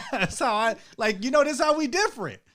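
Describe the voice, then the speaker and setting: Animated man in lively casual chat. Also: extremely high pitch, brisk. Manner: animated, laughs often, acts out quotes in a raised voice. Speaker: co-host, husband.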